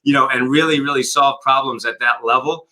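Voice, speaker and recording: Guest coach, male, very bright voice, storyteller who acts out both sides of a conversation, video call. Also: medium pitch, a little fast, rough recording. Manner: energetic storyteller, acts out dialogue. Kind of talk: conversational interview.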